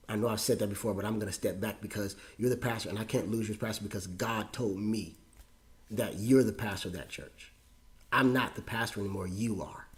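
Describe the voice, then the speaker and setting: A man in his forties, a pastor hosting his own show, telling a personal story with feeling and frequent repetitions, his voice jumping high when moved. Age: 40s. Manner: emotional, repeats himself, voice rises high when moved.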